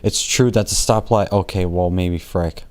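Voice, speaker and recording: A man's voice: low-pitched, steady tone, moderate pace, smooth. Rambling, jokey man teaching code. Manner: rambling, jokey, many fillers and self-corrections. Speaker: programming tutor. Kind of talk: casual screen-recorded coding lesson.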